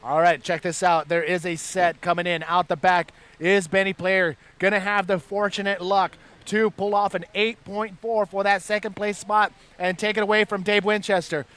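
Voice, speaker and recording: A man's voice: high voice, level tone, normal speed, few pauses, fairly bright tone, smooth. A man calling live play-by-play at a surf contest, upbeat and hyping the action. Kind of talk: live sports commentary.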